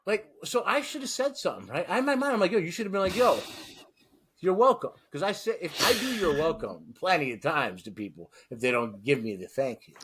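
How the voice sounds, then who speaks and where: A man with a somewhat high voice chats on a podcast in a loose, profane way. He is from New York and tells stories with animated energy. A faint background noise sits under his voice. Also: fairly quick, hardly any pauses. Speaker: podcast co-host. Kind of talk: casual podcast chat.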